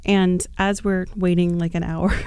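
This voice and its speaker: A woman on a podcast telling an animated, chatty story, with plenty of fillers. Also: fairly low pitch, measured pace, clear, resonant tone, dry recording, clean studio sound. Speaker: podcast guest.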